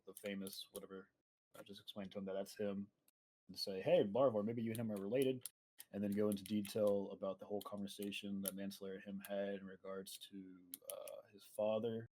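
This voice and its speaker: A man's voice: on the low side, a little mellow, a little hiss or hum, poor audio. A man playing a tabletop game, hesitant and full of fillers, voicing his character. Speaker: player. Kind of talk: casual tabletop play, in-character lines.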